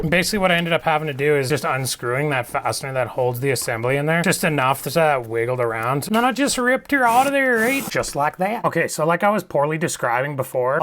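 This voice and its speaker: Quick slangy guy doing a voice-over on his diy video, kinda high voice, roasting himself. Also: a bit bright, a little hiss or hum. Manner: joking, self-mocking, slangy. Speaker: DIY channel host. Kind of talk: dubbed voice-over for a home repair tutorial. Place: voice-over recorded at home.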